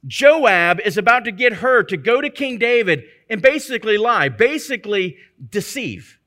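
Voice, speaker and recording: A man's voice: sits high, expressive, moderate pace, pushed and bright. A man teaching from the Bible in a conversational sermon, often checking in with his listeners through rhetorical questions. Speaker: preacher.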